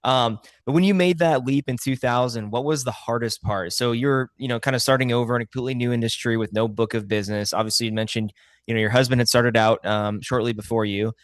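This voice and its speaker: Fast-talking male interviewer. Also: medium pitch, steady tone, no room sound, studio quality. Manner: brisk questions, frequent agreeing backchannels. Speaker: podcast host, interviewer.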